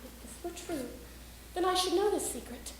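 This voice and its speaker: A woman's voice: very high-pitched, animated, moderate pace, fairly bright tone, slight background noise. A woman playing Portia, a devoted Roman wife pleading with her husband in an amateur stage production. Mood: insistent. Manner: pleading, insistent verse delivery. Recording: echoey room.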